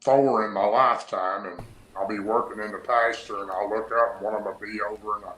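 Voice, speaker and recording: A man quoting his calm, reassuring old grandfather, a countryman, in a plain matter-of-fact way. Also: fairly low pitch, brisk, lightly acted. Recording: roomy echo.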